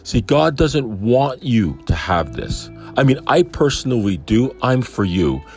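A man's voice: mid-range voice, very animated, a little slow, a little mellow, soft background music. A man voicing a sly male serpent tempter who coaxes and insinuates in a raised voice. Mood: insinuating. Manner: coaxing, insinuating, smooth-talking.

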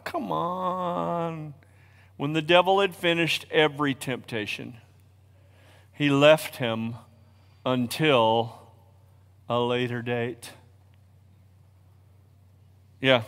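A male pastor preaching a sermon in a church, swinging from hushed, quiet lines to loud, shouted exhortations. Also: medium pitch, clear, resonant tone. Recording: long reverb of a large hall.

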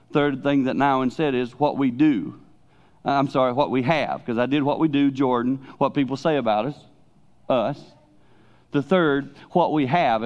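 Older male preacher, dull lo-fi sound. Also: mid-range voice. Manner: animated preaching, swinging between loud emphasis and hushed asides. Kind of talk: sermon. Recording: dull lo-fi recording.

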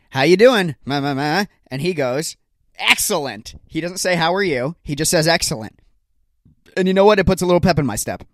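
A man's voice: a little high, no echo, studio quality. A young man hosting a solo podcast, rambling in a jokey, self-deprecating way. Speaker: podcast host.

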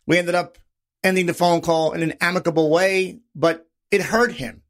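A man's voice: sits high, normal speed. A man hosting a podcast, telling stories in a casual, profanity-laced monologue and acting out the people he quotes. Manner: animated storytelling, acts out quoted voices. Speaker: podcast host.

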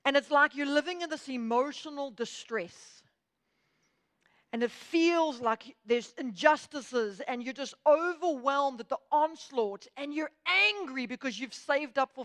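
A woman's voice: high-pitched, unhurried, fairly bright tone. A South African woman in her thirties giving a humorous, chatty motivational talk. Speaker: speaker.

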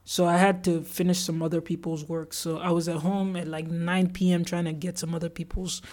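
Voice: mid-range voice, flat delivery, brisk, a little mellow. A podcast host casually telling a story about their day, chatty, with many fillers and acted-out quotes of other people.

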